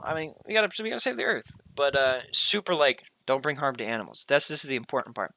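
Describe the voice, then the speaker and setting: A man's voice: medium pitch, bright, forceful tone, slight background noise, poor audio. A young man hosting a podcast, telling a long story in a casual, rambling way, full of fillers and slang. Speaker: podcast host.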